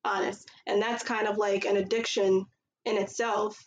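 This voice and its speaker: A woman's voice: medium pitch, flat delivery, normal speed. Woman host, casual podcast, earnest and rambling, slightly dull recording with faint hiss. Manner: earnest, rambling with many fillers.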